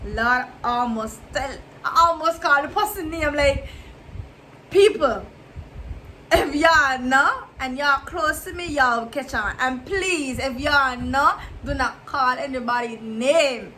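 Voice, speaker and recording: A woman's voice: high voice, a little slow, noisy background. A woman vlogger in casual storytime mode, chatty and emphatic, repeating herself and making asides to her viewers.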